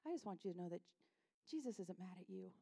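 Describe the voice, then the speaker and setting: With a low, creaky, warm voice, she preaches quickly and with lively intonation from a church sanctuary. This woman pastor keeps it conversational and impassioned, performing the voices of people and Jesus and nearly whispering at tender points.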